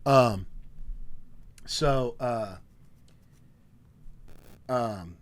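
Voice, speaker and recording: He draws out his words in a medium-pitched voice. In his thirties and co-hosting a casual podcast, he tells stories animatedly, often laughing partway through sentences.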